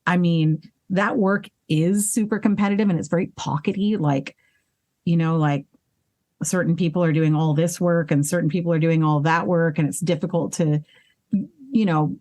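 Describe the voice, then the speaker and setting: Candid, lower-pitched woman voice actress. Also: normal speed, no echo, studio quality. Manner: candid and animated, swears freely, laughs at herself. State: hiccuping and burping. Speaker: voice actress and singer, guest. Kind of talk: casual interview conversation.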